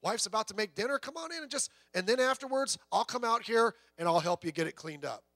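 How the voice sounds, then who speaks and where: A preacher putting on a kindly old country farmer. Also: male voice, high-pitched, expressive, fairly bright tone, no room sound, studio quality. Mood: gentle coaxing. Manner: folksy, unhurried country talk. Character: kindly old male farmer, easygoing and hospitable.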